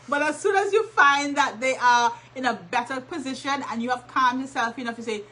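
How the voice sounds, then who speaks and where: A woman co-hosting a relaxed advice talk, stressing her points and saying them twice. Her voice is bright and a little high, and a faint hiss of background noise sits under it. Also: normal speed, rough recording. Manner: emphatic, repeats key points. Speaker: co-host.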